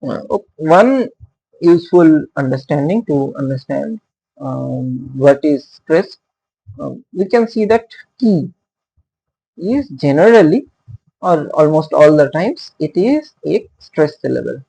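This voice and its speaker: A male literature teacher gives an unhurried, slightly high-pitched lecture on poetic meter. His voice is gravelly and a little husky. He talks haltingly, pads his sentences with fillers and "okay", and sounds out stressed and unstressed beats aloud. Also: lively intonation, mellow, poor audio. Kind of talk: explanatory lecture.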